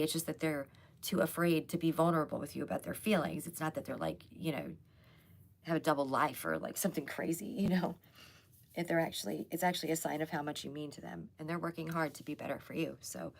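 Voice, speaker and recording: A woman hosting a casual live tarot reading, chatty and loose with lots of fillers, hoarse as she loses her voice. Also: low-pitched. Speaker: psychic tarot reader hosting a live stream.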